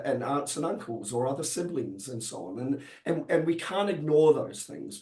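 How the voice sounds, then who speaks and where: A man with a New Zealand accent, hoarse and croaky from being unwell, talking as a guest in a webinar with many fillers and restarts. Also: mid-range voice, a little mellow, echoey room. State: hoarse from illness. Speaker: panel guest. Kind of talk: webinar discussion.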